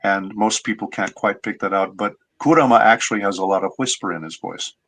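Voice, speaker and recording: A man's voice: fairly low pitch, fairly quick, gravelly, a bit bright, low-quality recording. A middle-aged man, a voice actor guest, explaining his craft in a patient, teacherly way during a casual interview.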